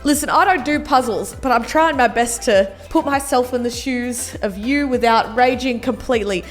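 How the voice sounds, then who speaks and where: Woman vlogger, high pitched, sassy and animated reaction delivery, faint music behind. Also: moderate pace, few pauses. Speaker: YouTuber reacting to photos. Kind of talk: casual reaction vlog.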